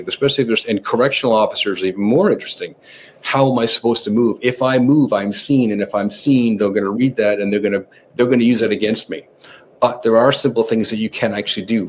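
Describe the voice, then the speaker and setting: A man's voice: mid-range voice, a little hiss or hum. A man guesting on a podcast, explaining his ideas casually and acting out little examples as he goes. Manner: explains with animated acted-out examples. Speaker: guest author on nervous system training. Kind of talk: conversational podcast interview.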